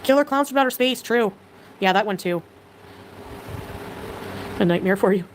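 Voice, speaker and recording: A woman's voice: medium pitch, expressive, normal speed, slight background noise. A Canadian woman livestreaming, chattily reading viewer comments aloud and greeting viewers.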